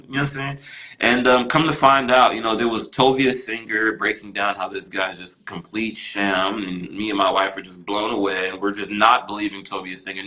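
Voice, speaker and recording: A man guest on a podcast telling his story casually, full of "you know" and "right," jumping his pitch up when he acts out what others said. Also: normal speed, poor audio. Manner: animated, acts out quoted voices with big pitch jumps.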